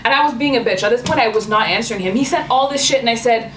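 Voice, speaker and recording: A woman telling a dating story in casual chat, animated, acting out the messages she got. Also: a little high, rapid-fire, hardly any pauses, reverberant, far from the mic, a little hiss or hum, rough recording. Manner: animated storyteller, acts out quoted texts.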